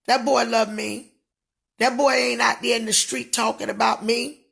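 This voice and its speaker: Slow gravelly woman ranting like a preacher. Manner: preacher cadence, swings between shouting and dropping low. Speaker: prophetess. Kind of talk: fiery live-stream rant.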